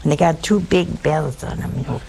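A woman's voice: deep voice, brisk, creaky, noisy background. A woman preaching a sermon in a folksy, humorous storytelling manner, acting out bits of dialogue.

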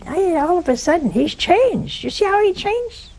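A woman preaching a sermon in a conversational, dramatic way. Her pitch swings sharply, and she sometimes drops to hushed asides. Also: very animated, moderate pace. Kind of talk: sermon to a live and broadcast audience.

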